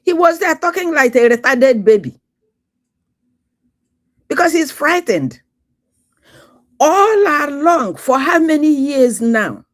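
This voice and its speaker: Woman, Nigerian Igbo accent, talk show guest, slow, emphatic, lively pitch. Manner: angry, emphatic, lecturing. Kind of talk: casual talk show chat.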